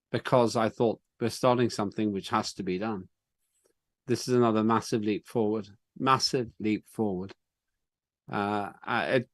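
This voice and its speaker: A man's voice: on the low side, dry recording. A man chairing an online parliament meeting, who speaks in an earnest, reflective and encouraging way.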